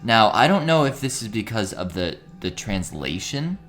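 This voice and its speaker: A young man with a very low voice that still swings widely up and down, co-hosting a loose, jokey podcast chat. He rambles and laughs easily, with faint music sitting behind him. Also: very animated, normal speed, a bit bright. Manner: joking, rambling, laughs often. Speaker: podcast co-host. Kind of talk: casual comedic podcast chat.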